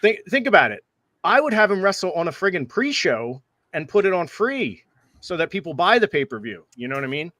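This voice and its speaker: A man hosting a casual podcast chat, animated and swearing casually. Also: high voice, a little fast, no room sound. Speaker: podcast host.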